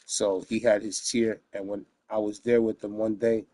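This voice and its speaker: A man's voice: fairly low pitch, little pitch movement, moderate pace, warm tone, no echo. A man from the United States, a guest in an interview, telling a story in a casual, streetwise, profane way, full of "you know what I mean" asides.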